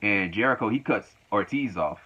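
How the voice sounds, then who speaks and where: A man's voice: on the low side, lively intonation, normal speed, husky. A man casually recapping a show, rambling, repeating his words and often laughing. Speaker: wrestling show reviewer. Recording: lo-fi dull recording.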